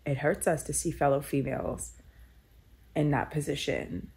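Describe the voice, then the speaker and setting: A woman's voice: low voice, fairly even intonation, normal speed, a little mellow. A woman telling a candid personal story in an interview, earnest and reflective, with many filler "likes". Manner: tearful laughing when moved.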